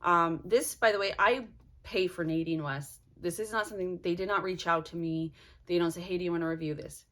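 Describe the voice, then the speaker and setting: A woman's voice: on the low side, steady tone, brisk, fairly bright tone. Annoyed woman reviewing an unboxing. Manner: frustrated, fills talk with "like". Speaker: subscription box reviewer. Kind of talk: casual unboxing vlog.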